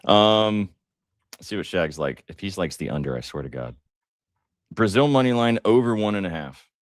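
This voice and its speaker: Deep-voiced, excitable betting host. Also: male voice, normal speed. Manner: excitable, joking, lots of fillers. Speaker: sports betting show host. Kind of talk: casual live-stream betting talk.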